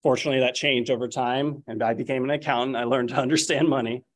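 A man's voice: medium pitch, steady tone, quick pace. A man in his thirties preaching a sermon, retelling scripture and family stories, acting out the people he quotes. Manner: storytelling, quotes figures in raised voices.

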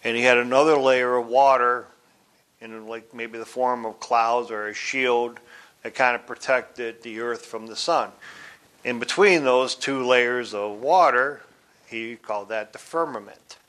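A man teaching from the Bible in a deliberate, explanatory way, spelling out words letter by letter. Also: mid-range voice, fairly even intonation, fairly bright tone.

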